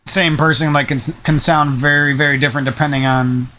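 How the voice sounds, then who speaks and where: A man's voice: fairly high pitch, little pitch movement, fairly quick, sharp tone, a little hiss or hum. A young man chatting in a casual, meandering way, swearing often and drifting into rants, with a slightly nasal voice. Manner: meandering, profane, ranting. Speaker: gaming channel host. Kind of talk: casual rambling chat.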